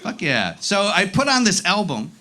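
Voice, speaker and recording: Bright, high-pitched ranting stand-up comic man. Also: wildly swooping pitch, moderate pace. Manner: profane, exasperated ranting with crowd banter. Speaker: stand-up comedian. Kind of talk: live stand-up comedy set. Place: comedy club stage.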